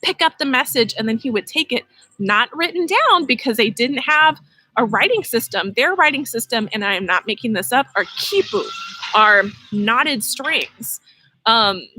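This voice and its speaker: In a low-quality recording, a woman with a fairly high, slightly rough voice teaches kids about gardening on a casual outdoor live stream next to her vegetable patch. Her manner is lively and playful, and she talks straight to the viewers.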